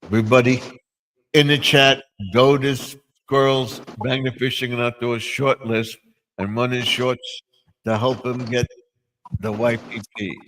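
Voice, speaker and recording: A man's voice: mid-range voice, flat delivery, a little slow, a bit bright, rough recording. An older man hosting a live stream, chatting casually and rambling, with many restarts and fillers. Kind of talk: casual chat.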